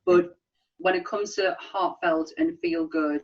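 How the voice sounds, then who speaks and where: A woman's voice: lowish voice, steady tone, slow. A woman, co-hosting a casual film chat, talking enthusiastically and laughing often. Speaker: podcast co-host. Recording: slightly distant, dull sound.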